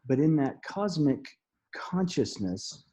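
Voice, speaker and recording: A middle-aged man, an interview guest, recounting a personal story in an earnest, halting way with frequent restarts and soft laughs. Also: a little high, very animated, husky.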